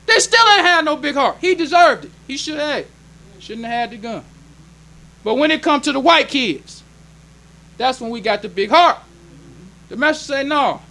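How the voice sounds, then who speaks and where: A man's voice: very high-pitched, expressive, moderate pace, pauses often, sharp tone. A male minister preaching a sermon in an emphatic, conversational way, drawing call-and-response from the congregation.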